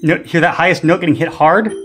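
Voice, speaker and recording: A man's voice: on the high side, steady tone, fast, a bit bright. A man hosting a music gear tutorial, explaining casually and unhurriedly with frequent ums and restarts. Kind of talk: casual instructional demo.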